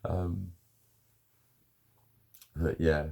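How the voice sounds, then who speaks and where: Man, middle-aged, gravelly, casual vlog chat, swears a lot. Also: low voice, fairly even intonation, extremely slow, a little mellow. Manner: swearing, laughing storyteller. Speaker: vlogger. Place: at home with his dog.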